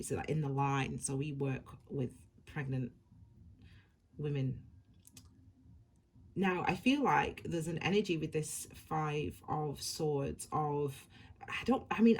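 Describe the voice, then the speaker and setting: A woman's voice: sits low, a little hiss or hum. A woman giving a tarot reading, rambling and repeating herself as she gushes reassurance at her viewers. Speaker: tarot reader.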